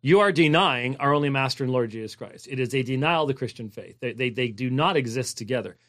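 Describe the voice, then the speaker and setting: A man's voice: mid-range voice, lively intonation, fast talker, fairly bright tone. A man preaching a sermon, explaining a Bible passage in an emphatic, digressive way, with many fillers and restarts and key phrases repeated. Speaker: pastor. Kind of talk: sermon-style Bible exposition.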